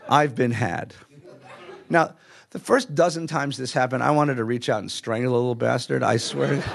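A man's voice: medium pitch, normal speed, creaky. A middle-aged man, a rabbi, telling stories in a sermon and acting out the people in them. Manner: animated storyteller acting out voices. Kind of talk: storytelling sermon.

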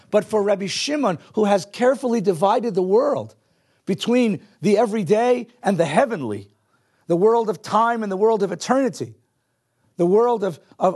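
A man teaching a Jewish text class to a live audience, animated, asking the room questions and mixing in Hebrew and Yiddish words. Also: high voice, slightly rough.

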